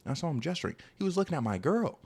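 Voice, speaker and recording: A young man in his twenties telling a casual, rambling story about his dating past, animated and full of asides. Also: on the high side, racing, gravelly, breathy edge. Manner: animated, rambling, heavy use of "like". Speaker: storytime vlogger.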